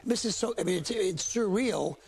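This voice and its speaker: A man's voice: sits high, lively intonation, normal speed, vocal fry, breathy edge. A man working as a military analyst, giving live news commentary in an emphatic, admiring way, with many restarts.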